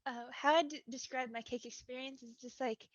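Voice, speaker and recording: A woman's voice: sits high, steady tone, fairly quick, no echo. A woman in a casual group chat, rambling with lots of "like" and giggling now and then. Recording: dry, dull lo-fi sound.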